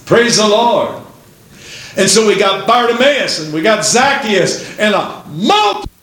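A man's voice: high-pitched, big pitch swings, measured pace, fairly bright tone, heavy reverb, poor audio. A man preaching a fervent sermon and reading scripture aloud in old-fashioned wording.

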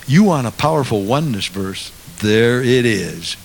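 A man preaching a sermon as a pastor, moving from quiet asides to loud, impassioned passages. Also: medium pitch, very animated, moderate pace, gravelly, hardly any pauses, breathy edge.

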